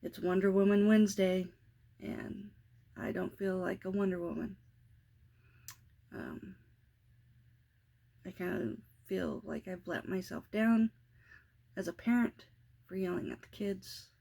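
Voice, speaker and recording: A mother in her thirties vlogs about her day in a casual, confessional way, rambling, reflecting on herself, and restarting often. Her mid-range voice is mellow and creaky, and she speaks slowly with frequent pauses.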